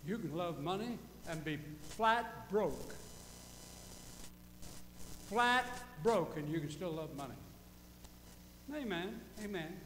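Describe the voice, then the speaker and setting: A man's voice: high voice, reverberant, in a large hall, a little hiss or hum, low-quality recording. A male pastor preaching a folksy sermon, quizzing his congregation and repeating key phrases for emphasis. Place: church sanctuary.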